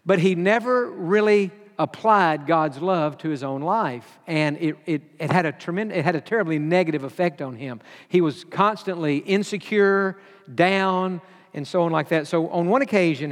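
A man preaching a sermon as a pastor, telling a story and slowing down, dropping low and soft for quoted lines. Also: long reverb tail. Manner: slows and drops low for quoted lines, repeats words.

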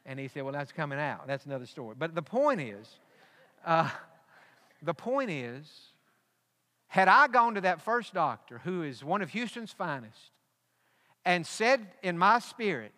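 A man's voice: a little high, sing-song, a little slow, bright, forceful tone, in a large hall. A man preaching a sermon, telling a personal story and building to emphatic peaks. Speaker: pastor.

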